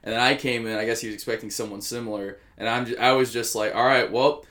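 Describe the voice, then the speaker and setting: A man's voice: mid-range voice, fairly even intonation, fast talker, fairly bright tone. A young man co-hosting a podcast, telling stories from his teens in a rambling, profane, self-mocking way. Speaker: podcast co-host. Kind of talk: casual chat.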